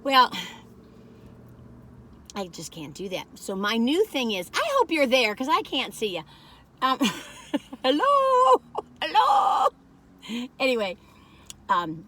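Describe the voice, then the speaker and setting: A woman's voice: medium pitch, sing-song, slow, long pauses, sharp tone. An older woman, rambling in a folksy, chatty way as she reviews food on a phone camera in a parked car.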